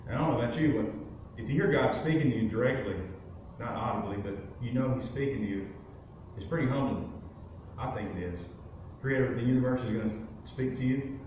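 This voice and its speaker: A man's voice: mid-range voice, a little fast, dull audio, slight background noise. A man giving a guest testimony at a church service, telling a personal story in a loose conversational way with many fillers. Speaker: guest speaker. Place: church sanctuary. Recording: very echoey room, from far off.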